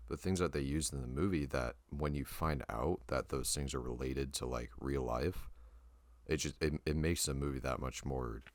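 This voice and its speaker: A man's voice: extremely low pitch, normal speed, no echo. A young man co-hosting a podcast in casual chat, loose and full of fillers. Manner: loose, filler-heavy talk with "dude". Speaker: podcast co-host.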